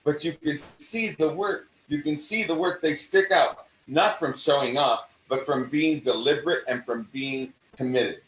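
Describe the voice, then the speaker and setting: An older man with a mid-Atlantic accent, an acting coach hosting a conversation and talking in an animated way that often restarts and repeats phrases. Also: fairly high pitch, measured pace, hardly any pauses, a little hiss or hum. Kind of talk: casual conversation. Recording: roomy sound from a distant mic.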